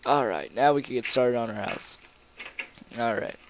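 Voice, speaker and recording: A young man chats through a video game session, rambling and joking, and now and then bursts out loud. His voice sits at an ordinary pitch. A faint hiss runs under the recording. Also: animated, moderate pace. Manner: rambling, goofy, sudden loud outbursts. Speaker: gameplay commentator. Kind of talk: casual gaming commentary.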